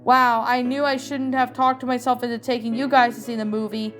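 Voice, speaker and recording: A bossy, motherly eldest teen sister from a cartoon storybook, put on by a woman with a higher voice. her talk is firm and protective, a little brighter than the narration. faint music sits underneath. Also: flat delivery, a little fast, lightly acted. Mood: stern. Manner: stern, motherly. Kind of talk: storybook reading.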